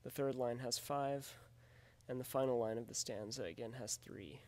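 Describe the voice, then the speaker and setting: A man's voice: mid-range voice, normal speed, a little mellow. A man teaching a recorded lesson on poetry, explaining it step by step in a methodical way. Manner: methodical, explanatory, often says "in fact". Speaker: literature teacher.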